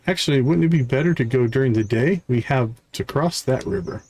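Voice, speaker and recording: A man streaming a farming game, reading its character dialogue aloud with varied voices and adding quick asides. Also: mid-range voice, darkish tone, slight background noise.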